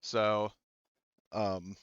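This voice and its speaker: A man narrating as game master of a tabletop role-playing game, halting often with ums while he describes scenes and rulings. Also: on the low side, level tone, highs cut off, background noise.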